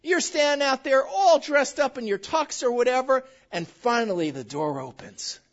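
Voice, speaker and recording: A woman's voice: high voice, moderate pace. A woman pastor preaching a sermon, telling jokey stories straight to the congregation. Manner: animated, joking storytelling addressed to the congregation. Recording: muffled lo-fi recording.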